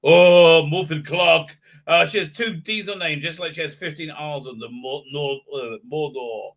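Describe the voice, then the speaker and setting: A man's voice: fairly high pitch, moderate pace, bright, forceful tone. A man hosting a live commentary stream, ranting sarcastically and swearing, with lots of fillers and restarts. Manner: sarcastic, swears, mocks what he reads with put-on silly voices; hesitant, many fillers and restarts.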